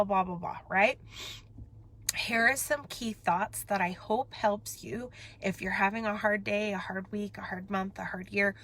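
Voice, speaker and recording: A woman's voice: a little high, a bit bright. Emotional woman vlogging from her car. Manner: emotional, rambling, self-interrupting. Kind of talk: candid confessional chat. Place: parked car.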